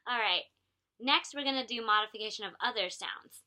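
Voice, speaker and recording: A young woman demonstrating speech therapy techniques, giving clear, encouraging instructions. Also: on the high side, fairly quick, bright, forceful tone.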